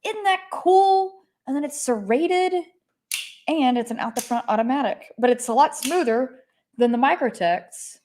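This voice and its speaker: A woman co-hosting a live chat show, with a slightly high voice. She talks in a dry, teasing way. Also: animated, measured pace, a little mellow, slight background noise. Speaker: co-host. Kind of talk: casual livestream chat.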